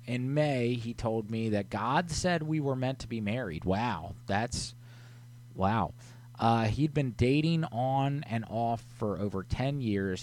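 A man's voice: lowish voice, a little mellow, slight background noise. A man hosting a casual live stream, reading viewer messages aloud in a laid-back way. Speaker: host.

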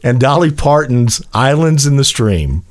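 Man, radio host, mid pitch, lively intonation, wry, slow emphatic news reading. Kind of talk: casual radio chat, reading news stories.

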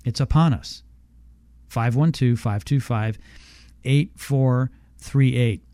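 A man hosting a radio show, pitching a free service with an upbeat sales manner and slowly repeating a phone number. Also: mellow, no room sound. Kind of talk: radio show sponsor promotion.

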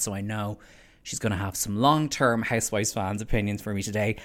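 A woman hosting a podcast in casual chat, relaxed and chatty. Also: extremely low pitch, fast talker. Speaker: podcast host.

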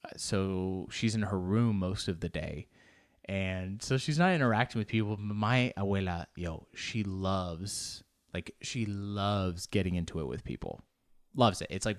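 A young man in a loose, joking solo monologue, swearing and restarting often as he rambles. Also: lowish voice.

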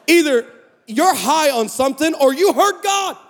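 A man preaching a sermon at a conference, telling stories and building to shouts. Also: very high voice, a little slow. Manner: storytelling, animated, rising to shouts. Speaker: pastor. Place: conference stage in a large hall. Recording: echoey large hall.

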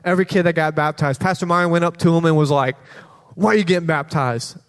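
A fairly high-voiced man preaching to a congregation, bouncing between stories and playful kid impressions. His voice rings out with a long hall reverb behind it. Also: fast, clear, resonant tone. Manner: animated storytelling with quoted voices and laughter. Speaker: children's pastor. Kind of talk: sermon testimony. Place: church sanctuary.

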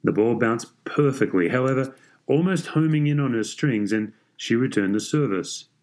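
A man reading a story aloud in a measured, even way. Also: mid-range voice. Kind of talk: scripted story narration.

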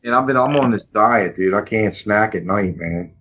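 A man's voice: fairly low pitch, moderate pace, fairly bright tone, husky, muffled recording. A man chatting on a hobby podcast, enthusiastic and slangy, saying "dude" and "man.". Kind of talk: casual chat.

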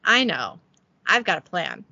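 Bright, lively woman recapping a script. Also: lowish voice, unhurried, gravelly, no room sound, muffled recording. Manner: giggly, self-deprecating, reads quotes with little voicing. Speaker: podcast host recapping an episode. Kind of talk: casual chat reading a script recap aloud.

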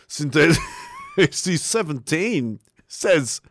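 A man's voice: fairly high pitch, a little slow, creaky, dry recording, studio quality. A man hosting a casual live stream, reacting to chat with laughter, swearing and trailing mutters. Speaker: livestreamer.

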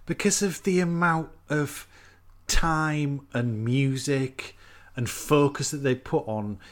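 A man's voice: fairly high pitch, takes it slowly. A man co-hosting a podcast, talking about a film with amused disbelief. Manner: incredulous, amused, mocks the film. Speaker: podcast co-host. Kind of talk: casual chat about a film.

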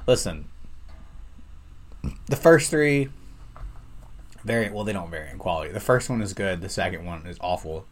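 A man chatting on a comedy podcast, ranting in an animated, profane way. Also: deep voice, moderate pace, long pauses. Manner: animated, profane, ranting with loud acted outbursts. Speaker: podcast guest. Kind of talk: casual comedy podcast chat.

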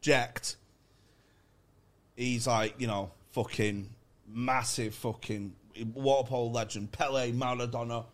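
A man's voice: medium pitch, steady tone, takes it slowly. A man, co-hosting a comedy podcast and telling a rambling, sweary story in casual chat. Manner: sweary, rambling storyteller, slips into mock voices. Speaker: podcast co-host.

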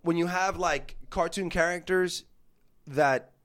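Man, 30s, slightly high voice, cussing storyteller acting out quotes, podcast co-host. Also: unhurried. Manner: animated, profane, acts out quotes. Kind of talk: casual storytelling chat.

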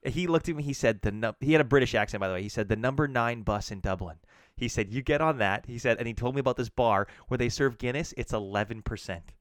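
A man, a bartender and podcast co-host, telling a profane, animated story with frequent restarts. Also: mid-range voice, fast, no echo, studio quality. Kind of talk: casual chat.

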